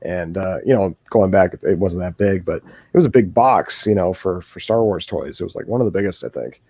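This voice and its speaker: A man's voice: sits low, a little fast, warm tone, husky, no echo. A man joking about old collectibles in a nostalgic, casual chat.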